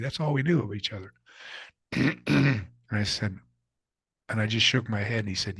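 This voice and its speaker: A husky, slightly breathy older man speaking as a guest in an interview. He tells his stories earnestly and openly, voicing the people in them. The sound is close and dry. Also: on the low side, moderate pace, pauses often, fairly bright tone, dry recording. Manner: earnest, candid storyteller who acts out quotes. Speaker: author and guest. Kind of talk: reflective storytelling interview.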